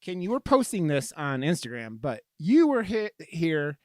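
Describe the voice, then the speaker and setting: A man hosting a podcast in casual chat, swearing often and rambling with animated outbursts. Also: a little high, a little slow, dry recording, clean studio sound. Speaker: podcast host.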